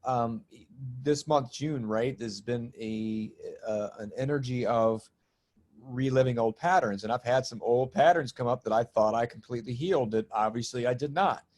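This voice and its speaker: A man's voice: medium pitch, normal speed, a little mellow. A middle-aged man guesting on a spiritual podcast, telling a story in casual chat and acting out his own quoted lines, with the odd swear word.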